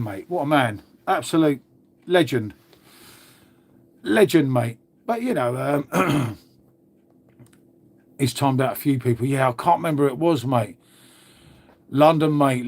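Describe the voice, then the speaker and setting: Chatty man with a lively, high voice. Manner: chatty, calls people "mate" constantly. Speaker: livestream host. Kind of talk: casual live-stream chat, reacting to viewer comments.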